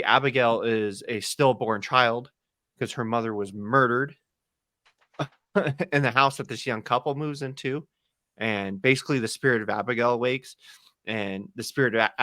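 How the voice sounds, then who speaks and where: A man, a haunt actor guest on a podcast, explaining things at length in a relaxed way. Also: medium pitch, moderate pace, dry recording. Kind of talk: casual chat.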